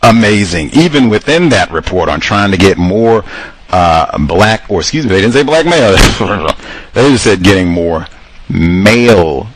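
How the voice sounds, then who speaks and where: A man with a lowish voice hosts a loose, animated commentary monologue. He talks straight at his audience, calls them cousins, and slips into higher voices to act out the people he quotes. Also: a little slow, slight background noise, low-quality recording. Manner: addresses listeners as cousins. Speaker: host.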